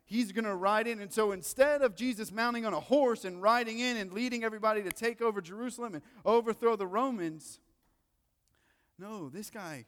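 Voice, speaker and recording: A male pastor delivers a sermon with a slightly high voice, moving from loud, excited bursts to quiet, joking asides. His words ring out with a long reverb, as though he stands in a large church hall. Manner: animated, swings between loud excitement and hushed asides; conversational, joking.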